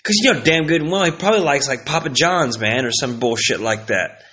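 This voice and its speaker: A man's voice: mid-range voice, lively intonation, brisk, pushed and bright. A young man from Texas, ranting casually and swearing constantly, his voice jumping up when he gets worked up. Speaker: vlogger. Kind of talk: casual profane rant.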